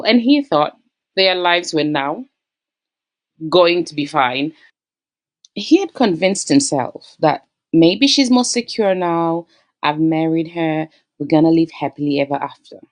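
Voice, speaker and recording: A woman's voice: deep voice, unhurried. A woman casually retelling a relationship story, acting out the quoted lines. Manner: acts out quoted voices with lively shifts.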